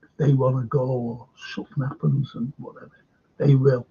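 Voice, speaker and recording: A man's voice: medium pitch, flat delivery, normal speed, gravelly, mellow, breathy edge, highs cut off. A man, hosting a casual football chat, blunt and opinionated, chuckling at his own jokes. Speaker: host.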